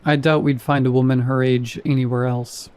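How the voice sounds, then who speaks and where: A curious adult sister in a storybook horror tale, as read by a man in his own mellow voice. She asks plain, practical questions. Her tone is unhurried and warm. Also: mid-range voice, flat delivery, clean tone, lightly acted.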